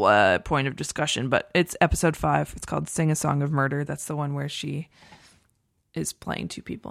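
A woman's voice: on the low side, a bit bright, no room sound, clean studio sound. A woman co-hosting a podcast in casual chat, talking in a chatty, rambling way with many fillers. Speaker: podcast co-host.

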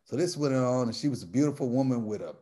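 A man's voice: mid-range voice, expressive, fast, warm tone. A man telling a long personal story in casual slang, laughing at his own punchlines as he goes. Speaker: guest comedian telling a life story.

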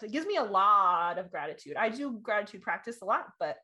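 A young adult woman co-hosting a casual chat, bubbly and animated, laughing often and acting out her own past reactions. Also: mid-range voice, a little fast.

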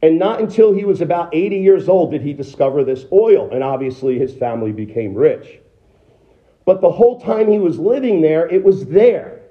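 A man's voice: a little high, expressive, moderate pace, narrow, tinny audio. A man with an American accent preaching a sermon as a pastor, in a conversational way with rhetorical questions and restarts. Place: church sanctuary.

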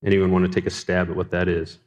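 A man's voice: low-pitched, little pitch movement, fast talker, a little mellow. Man preaching a storytelling sermon. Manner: storytelling with rhetorical questions to the congregation.

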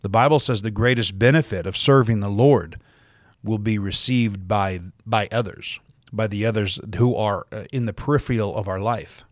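A man's voice: fairly low pitch, moderate pace, no echo, clean studio sound. A man from South Dakota preaching a podcast sermon as a pastor, stressing key words by repeating them and reading scripture aloud in old-fashioned wording. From South Dakota, USA.

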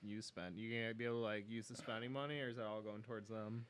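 A man's voice: lowish voice, fairly even intonation, quick pace. A man co-hosting a casual podcast, reading a news story aloud with profane, sardonic asides. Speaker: podcast co-host.

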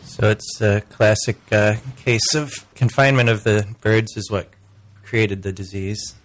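A male radio co-host with a slightly low voice and a faint lisp. He offers laid-back, drawling commentary in casual studio banter. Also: little pitch movement, unhurried.

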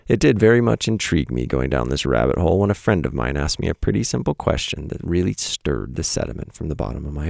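A man's voice: very deep voice, gravelly, darkish tone, no room sound, studio quality. A man hosting his own podcast, reading a personal essay aloud in a reflective, candid way. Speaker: podcast host. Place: home in Montana.

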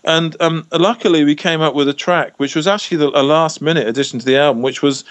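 A man's voice: fairly high pitch, fairly even intonation, fast, dry recording. A man who is a musician guest, telling stories in a casual interview over a video call, with lots of restarts. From England. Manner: chatty, lots of restarts and "you know".

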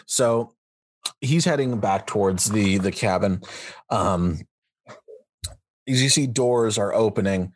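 Low-voiced man running a tabletop game. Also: no echo, studio quality. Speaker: game master.

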